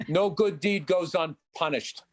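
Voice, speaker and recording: A man's voice: a little high, unhurried. Ranting, profane male podcast co-host. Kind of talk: casual comedic chat.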